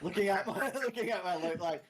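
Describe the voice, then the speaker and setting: A man with an Australian accent playing his character at a tabletop game, giggling and swearing in quick asides. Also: sits high. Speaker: player. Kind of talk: casual tabletop role-play.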